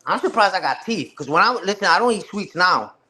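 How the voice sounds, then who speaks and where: High-voiced New man riffing. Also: animated, fairly quick, sharp tone. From New York. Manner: loose, slang-heavy, profane storytelling with many restarts. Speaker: live streamer. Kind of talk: casual chat with a live audience.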